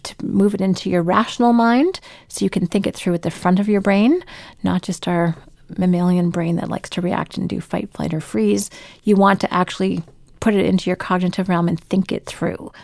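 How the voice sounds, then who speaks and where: A woman talking through workplace advice in an animated way, acting out the voices she quotes. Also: medium pitch, vocal fry, dry recording, clean studio sound. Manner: animated, acts out quoted voices, laughs often. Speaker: business speaker giving workplace advice. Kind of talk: advice talk to camera.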